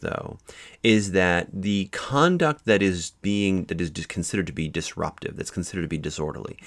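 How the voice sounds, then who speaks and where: A man lecturing on law, explaining step by step with many fillers and restarts. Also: deep voice. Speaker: law instructor. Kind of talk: recorded lecture.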